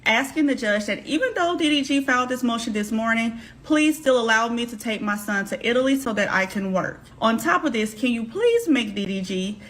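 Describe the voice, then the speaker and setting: A woman with a somewhat high voice recapping news in a direct, brisk way. She speaks straight to her viewers and calls them y'all. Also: fairly bright tone.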